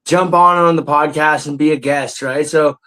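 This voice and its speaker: A man's voice: on the high side, steady tone, moderate pace, bright, forceful tone, low-quality recording. A man hosting a comedy podcast, hyped and casually swearing, peppering his talk with "man" and "dude". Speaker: podcast host.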